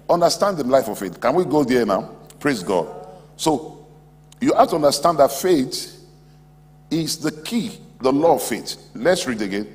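Male pastor, animated sermon delivery, lively pitch, long hall reverb with faint hum. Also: unhurried, pauses often. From West Africa. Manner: animated preaching, acts out imagined church members. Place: large auditorium.

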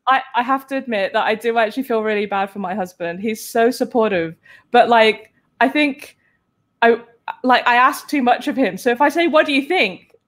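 A chatty woman hosting a relaxed live-stream conversation, her voice sitting high. She laughs often and slips into little performed reactions as she tells stories. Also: normal speed. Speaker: host. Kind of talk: casual live-stream chat.

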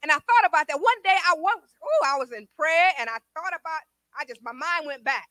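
A woman a sermon, testifying with swings from quiet talk to shouted praise. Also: high-pitched, expressive, brisk, dry recording. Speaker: preacher.

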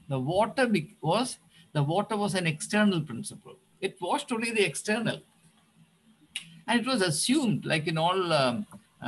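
An older man with an Indian English accent, giving a reflective spoken lecture on Christianity, often pausing with fillers and restarts. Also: high voice, fairly bright tone, rough recording.

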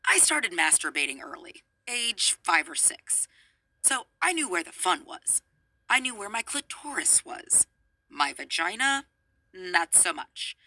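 A woman reading a memoir aloud in an expressive way, adding amused asides. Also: fairly low pitch, a little slow, dry recording, rough recording. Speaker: reader.

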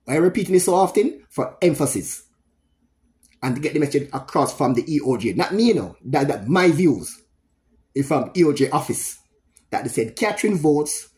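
A middle-aged Jamaican man giving solo political commentary, speaking emphatically and repeating points with frequent pauses. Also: mid-range voice, darkish tone. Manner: emphatic, repetitive, pausing often.

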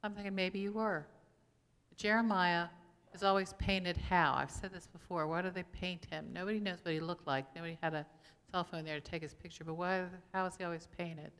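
A woman's voice: lowish voice, steady tone, fairly quick, a bit bright, clean tone. Woman preaching in a reverberant church. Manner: conversational, asks the congregation questions. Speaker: pastor. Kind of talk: sermon. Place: church sanctuary.

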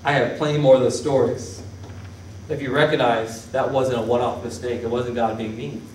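A man preaching as pastor, lively, questioning his congregation and acting out Bible figures. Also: medium pitch, moderate pace, slight background noise. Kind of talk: sermon. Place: church sanctuary. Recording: echoey church hall from a distance.

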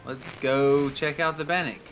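A man talks casually and playfully over his gameplay in a let's-play, his bright, forceful voice riding over faint game music. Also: fairly high pitch, fairly even intonation, measured pace, rough recording. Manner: casual and playful, reads game text aloud. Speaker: gamer.

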